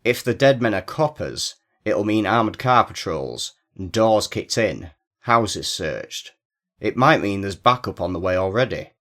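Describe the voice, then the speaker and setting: A man's voice: on the low side, expressive, a little slow, fairly bright tone. Man voicing a snappish, hard gunman. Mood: tense. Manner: clipped, snappish. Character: hard, jumpy male gunman, armed robber.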